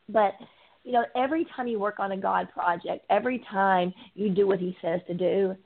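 Woman recovery coach on a phone line, earnest, kinda preachy, repeats stuff. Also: mid-range voice. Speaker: guest, addiction recovery coach. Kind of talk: faith-based interview talk.

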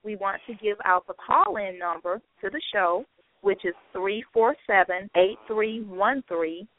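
A woman hosts a radio talk show in a friendly, chatty manner, with a pitch that sits right in the middle. She comes through a thin, tinny phone line. She laughs easily between her words. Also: unhurried. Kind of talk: casual internet radio chat.

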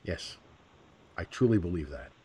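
A man hosting an online talk radio show, his pitch swooping up and down as he rants. He talks bluntly and swears freely, rambling from one thought to the next, with keyboard typing now and then behind him. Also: lively intonation, moderate pace, dark tone, breathy edge. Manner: blunt, profane, rambling with impressions. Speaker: host.

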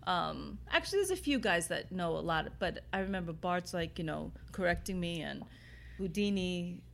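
A woman's voice: fairly low pitch, animated, moderate pace, gravelly, fairly bright tone, a little hiss or hum. New woman, bar owner, casual interview guest, rambling anecdotes. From New York City. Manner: rambling, full of "you know" and "like", laughs while telling stories. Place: inside an old bar.

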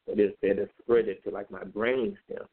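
Man, low gravelly voice, halting personal testimony, tinny phone-band sound. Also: huge pitch swings. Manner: halting, with many fillers and repeated words. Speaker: interviewee telling his story.

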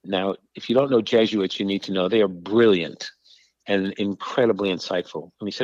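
An older man from New York, a podcast guest telling his life story in conversation, animated and acting out the dialogue. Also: deep voice, normal speed, dry recording. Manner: animated storyteller, acts out dialogue, frequent restarts. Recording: slightly dull, dry recording.

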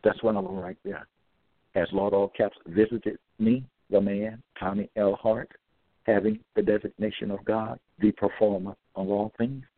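A self-styled male preacher delivers a repetitive, emphatic monologue quoting scripture and reading out verse references. His fairly low voice holds fairly even intonation at a moderate pace, on tinny, phone-like dry audio with no echo.

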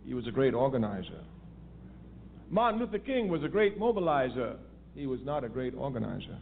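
Guy with a high voice giving a fiery political lecture, repeats stuff for emphasis, sounds like a tinny phone call. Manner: emphatic, repeats key phrases for stress. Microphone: phone line. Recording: tinny phone-line audio with faint noise.

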